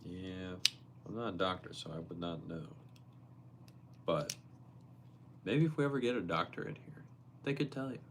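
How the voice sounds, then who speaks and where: A young man hosting a casual livestream, reading viewer messages aloud and reacting to them in a quick, playful way. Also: sits low, a little hiss or hum. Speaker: livestream host. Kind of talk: casual live-stream chat.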